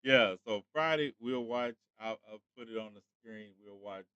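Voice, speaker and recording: A man's voice: lowish voice, moderate pace, pushed and bright, clean tone, no room sound, highs cut off. A man hosting a casual livestream, chatting straight to his viewers. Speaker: livestream host.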